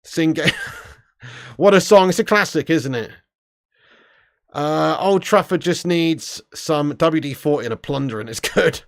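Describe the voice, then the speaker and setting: A man's voice: fairly high pitch, a little slow, creaky, dry recording, studio quality. A man hosting a casual live stream, chatting and laughing as he reads viewer comments aloud. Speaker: live stream host reading chat.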